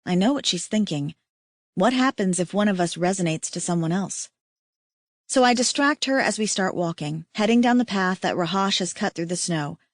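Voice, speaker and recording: A woman's voice: mid-range voice, expressive, moderate pace, dry recording. Woman narrating an audiobook, close and dry. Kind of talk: first-person audiobook narration.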